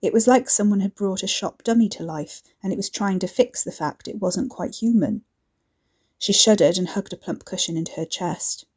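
A woman narrating an audiobook in a steady, measured reading. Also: medium pitch, breathy edge.

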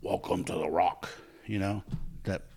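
A man who is a regular guest on a podcast, chatting casually in an animated, joking way. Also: sits low, a little hiss or hum. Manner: animated, quick to laugh and joke. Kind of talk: casual chat.

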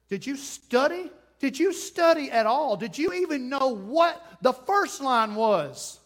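A pastor with a drawl delivers a lively sermon. His voice sits very high for a man. He keeps slipping into acted-out voices and little scenes to make his point. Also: unhurried, hardly any pauses. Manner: animated, acts out voices and scenes.

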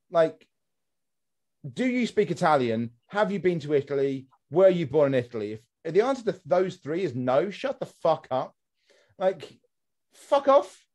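A man's voice: a little high, a little mellow. A man hosting a casual podcast chat, ranting with comic exasperation and swearing freely. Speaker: podcast host.

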